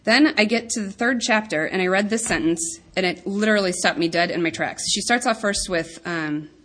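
A woman's voice: medium pitch, normal speed, fairly bright tone. A woman in her thirties giving an earnest, chatty talk to a women's group, with many ums and asides. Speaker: women's ministry speaker.

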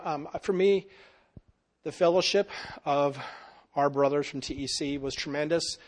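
A man's voice: fairly high pitch, a little mellow. Rambling male pastor telling a story. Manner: rambling, with many fillers and restarts. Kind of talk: storytelling in casual group talk.

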